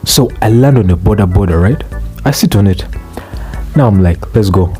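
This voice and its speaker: A young man ranting in a profane, exasperated comic vlog, swearing and bursting out loudly. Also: lowish voice, expressive, normal speed, faint music behind. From Uganda. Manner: exasperated, swearing, loud outbursts. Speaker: vlogger.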